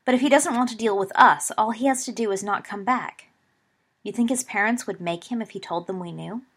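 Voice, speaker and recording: A woman's voice: medium pitch, brisk, a bit bright, breathy edge, voice pushed up. A woman reading aloud and voicing a practical, matter-of-fact teenage boy wizard. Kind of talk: audiobook reading.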